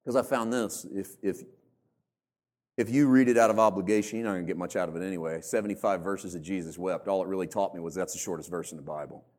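Delivering his sermon fast in a low, steady, darkish voice, this church pastor jokes at his own expense. He mimics members of the congregation with put-on voices.

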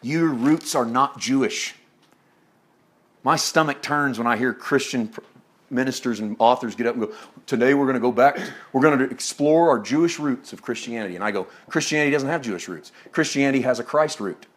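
A man with a mid-range voice preaches a sermon at a brisk pace. He swings between loud exclamations and hushed, intimate tones, and he often laughs as he talks.

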